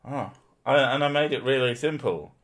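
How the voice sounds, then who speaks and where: A man's voice: medium pitch, moderate pace, a bit bright. Male streamer, sarcastic and profane, joking at a desk mic. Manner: sweary, sarcastic, laughing often. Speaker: streamer host. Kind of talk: casual chat.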